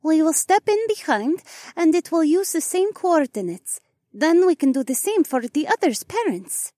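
A man voicing a high, formal female alien. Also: expressive, moderate pace, a little mellow, no room sound, clean studio sound. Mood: formal, calm. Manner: stiff formal speech without contractions. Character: graceful female alien guide, formal and calm.

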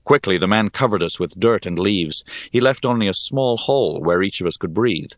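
A man narrating a fantasy story in the first person, in a measured, expressive way. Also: sits low, no room sound, clean studio sound. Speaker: audiobook narrator.

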